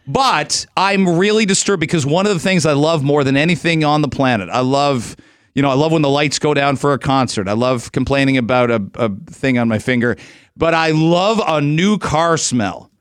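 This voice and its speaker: A man's voice: a little high, normal speed, smooth, no echo. A male radio host in casual, joking studio talk, rambling through stories.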